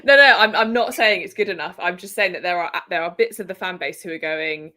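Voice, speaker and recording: A woman's voice: on the low side, brisk, bright, forceful tone. A woman with a posh English accent chatting on a football podcast panel. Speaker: panel regular. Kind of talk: casual panel chat.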